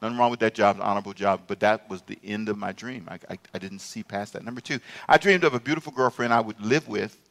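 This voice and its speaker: A man preaching a sermon to a congregation, telling stories from his youth and calling out to the crowd, going from hushed musing to loud shouts. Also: fairly low pitch, fast talker, gravelly, hardly any pauses. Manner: calls out to the congregation for responses.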